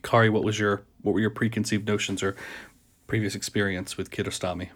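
A man with a somewhat low voice hosting a film podcast. He keeps things relaxed and easy, passing the talk from one guest to the next. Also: a little fast. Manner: relaxed, moderating the round. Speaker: podcast host. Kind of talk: casual film discussion.

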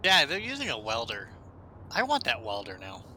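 Bright, lively man playing a tabletop game. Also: medium pitch, moderate pace, a little hiss or hum. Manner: jokey, excitable in-character banter. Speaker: player. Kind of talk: tabletop game play chat.

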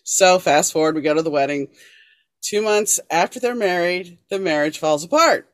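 A woman's voice: on the low side, dry recording. Storytelling woman host, dry close sound. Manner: storytelling, animated when quoting, calm and measured between quotes. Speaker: podcast host. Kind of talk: casual interview conversation.

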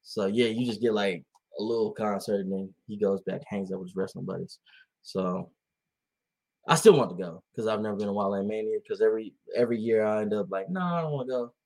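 A man's voice: fairly low pitch, fairly quick. Laughing man telling a sports story. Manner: laughing often, animated storytelling. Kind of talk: casual chat.

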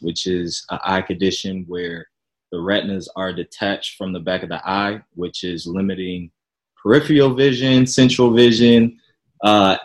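A young man from Chicago, a podcast guest, telling his story in a relaxed, chatty, self-deprecating way. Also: low voice, rough recording. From Chicago, Illinois. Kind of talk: casual interview storytelling.

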